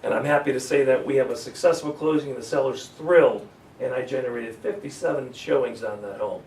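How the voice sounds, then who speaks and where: A man teaching sales in a live seminar, energetic and coaching, asking his audience questions. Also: a little high, brisk. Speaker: sales trainer. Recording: echoey room, far from mic, faint hiss.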